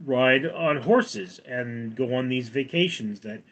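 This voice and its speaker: A man's voice: medium pitch, slow, fairly bright tone. A man in his forties hosting a live stream, reading out viewer comments and rambling in reply. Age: 40s. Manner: rambling, reads viewer comments aloud and answers them. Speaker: livestream host.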